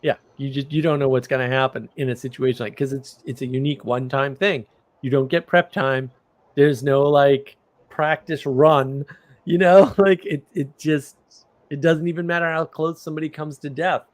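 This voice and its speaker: A man's voice: medium pitch, moderate pace. A middle-aged man hosting a livestream, telling rambling stories in casual chat with bursts of laughter. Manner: rambling, animated storytelling with laughs. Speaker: livestream host.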